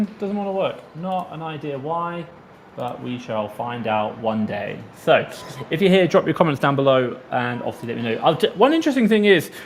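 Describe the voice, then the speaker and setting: Man, mid-pitch, casual live Q&A host, chatty, reads comments aloud, talks into a desk mic. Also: slight background noise. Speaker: live stream host answering seller questions.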